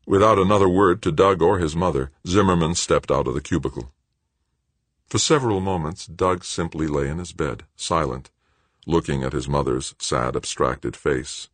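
A man narrating an audiobook in a measured storytelling manner. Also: very deep voice, no echo. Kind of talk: scripted narration.

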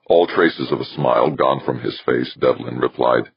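Male audiobook narrator, steady measured reading, very deep gravelly voice, dry dull recording. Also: no echo. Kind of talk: scripted narration.

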